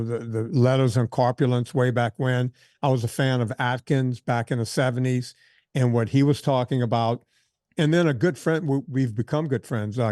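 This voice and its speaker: A man in his sixties, a fitness trainer telling stories in a casual interview, animated and full of quoted asides and restarts. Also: medium pitch, dry recording, studio quality. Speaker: fitness trainer and podcast guest.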